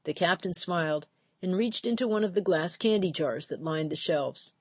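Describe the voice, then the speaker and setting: A woman narrating an audiobook in a measured, steady storytelling voice. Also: on the low side, slightly rough, no echo. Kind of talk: scripted narration.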